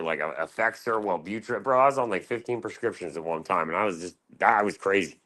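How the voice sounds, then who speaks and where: A man's voice: sits low, fairly quick, hardly any pauses, pushed and bright. A man from Florida casually telling crude, profane stories on a livestream panel, jumping into a raised voice to act out what others said. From Florida, USA. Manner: crude, heavily profane, acts out quotes in a raised voice. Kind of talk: casual storytelling.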